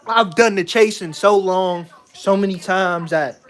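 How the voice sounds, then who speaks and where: A man's voice: high voice, slow pace, pauses often, a bit bright. A young man talking straight to camera in a rambling, repetitive way, swearing and acting overconfident. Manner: rambling, repeats himself, swears, mock-confident. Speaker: vlogger. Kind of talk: casual venting monologue to camera.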